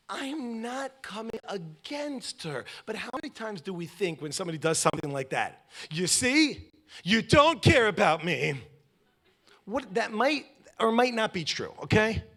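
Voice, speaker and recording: Male speaker, fairly high and husky, animated comic delivery, slips into other people's voices. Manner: animated, acts out voices of his wife and others. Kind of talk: comic storytelling talk.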